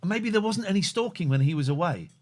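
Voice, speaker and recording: A man's voice: sits high, expressive, fast, darkish tone, slight background noise. A man hosting a podcast, giving sardonic, joking watch-along commentary. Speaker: podcast host.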